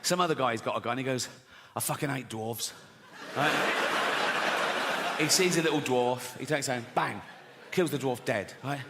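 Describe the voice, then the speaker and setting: This middle-aged comic speaks at a moderate pace in a mid-range voice, leaving long pauses, with heavy background noise and audience laughter around him. His stand-up set is full of swearing and stories peppered with "right?" tag questions.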